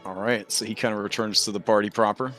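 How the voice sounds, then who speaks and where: A man's voice: fairly low pitch, fairly even intonation, quick pace, a bit bright, faint music behind. A man narrating as game master of a tabletop game, chatty with many fillers.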